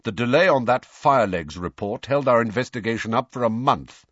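A man voicing a brusque, calm senior male wizard officer who speaks in a deep, measured way, in a storybook reading. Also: dry recording. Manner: deep, measured, low-key. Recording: dull, dry lo-fi recording.

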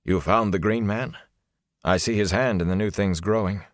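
A man's voice: lowish voice, normal speed, dry recording, clean studio sound, close to an everyday voice. A man reading a proud, grave border lord. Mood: earnest. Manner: formal and earnest.

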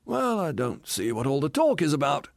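A man's voice: on the high side, huge pitch swings, normal speed, vocal fry, dry recording, studio quality, exaggerated voice. A man voicing a bitter, cynical, hard-bitten male ghost who rants scornfully about being lied to. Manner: sneering, scornful, ranting complaints.

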